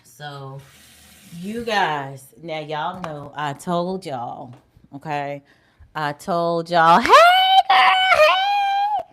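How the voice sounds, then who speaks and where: A woman's voice: low voice, drawn-out words, heavy background noise. A woman chatting casually to her viewers on a live stream, greeting them in a sing-song way and talking straight to them. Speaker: livestream host.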